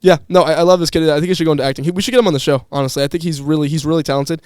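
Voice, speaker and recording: A man's voice: on the high side, fairly even intonation, racing, darkish tone, no echo, studio quality. A young man chatting casually on a podcast, telling rambling stories with restarts and laughs. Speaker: podcast guest, former employee. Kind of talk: casual chat.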